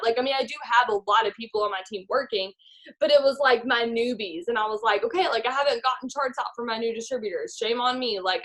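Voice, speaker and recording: A young woman team leader giving a chatty motivational talk on a video call, full of fillers and animated retellings. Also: fairly high pitch. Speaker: team leader in direct sales.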